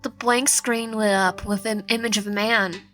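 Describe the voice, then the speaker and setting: A woman reading a visual novel aloud, slowly, with frequent slips and self-corrections. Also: medium pitch, fairly even intonation, a bit bright, faint music behind, low-quality recording. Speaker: let's play narrator.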